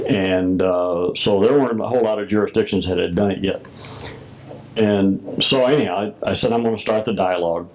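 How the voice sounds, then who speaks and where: An older man with a low voice and a gravelly edge tells his story at an unhurried pace. He recalls old conversations and plays out both sides of each exchange as he goes. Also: a little mellow, a little hiss or hum, low-quality recording. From United States. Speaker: former Masonic grand master. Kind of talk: oral history recollection.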